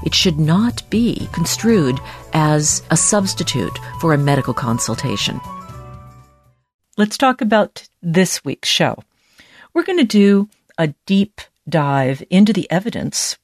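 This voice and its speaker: A woman's voice: low-pitched, darkish tone, dry recording, studio quality. A woman hosting a health podcast as a doctor, explaining medical research in a chatty, folksy way with casual asides. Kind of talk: scripted health podcast talk.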